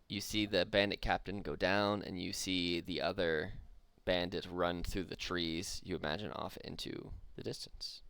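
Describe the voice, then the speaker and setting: Man, young adult, dungeon master, very deep voice, smooth, laid-back narration. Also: a bit bright, no room sound. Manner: laid-back, chuckling, vivid combat narration. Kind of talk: narrating a tabletop game.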